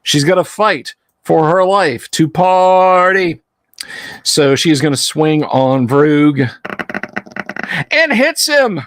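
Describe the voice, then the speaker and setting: Speaking slowly with lively intonation, a man whose voice is a little high narrates a fight as game master of a livestreamed tabletop game. He jokes around with the players and drops metal references along the way, and the audio has no room sound.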